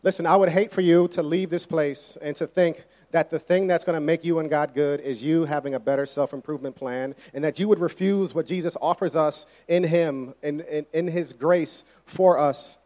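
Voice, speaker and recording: A man's voice: on the high side, moderate pace, few pauses, mellow. Conversational young male preacher. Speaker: pastor. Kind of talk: sermon.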